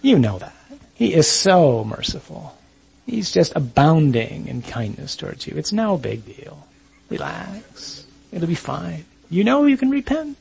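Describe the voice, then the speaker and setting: A man's voice: fairly high pitch, sing-song, unhurried, gravelly, a little mellow, breathy edge, heavily acted. A man voicing a sly little male tempter devil that whispers soothing, wheedling reassurances from a listener's shoulder during a sermon. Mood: coaxing.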